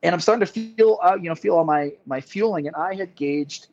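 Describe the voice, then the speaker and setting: A man's voice: sits high, fairly quick, darkish tone. A man as a podcast guest, telling a long story in a casual, rambling way with many fillers and repeated words. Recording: slightly dull lo-fi sound.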